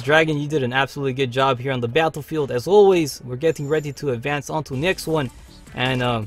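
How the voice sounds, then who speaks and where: A man hosting a live gameplay stream, chatting in slang and cheering on his teammates with loud bursts of excitement. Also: on the high side. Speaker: livestream host. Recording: faint game music behind.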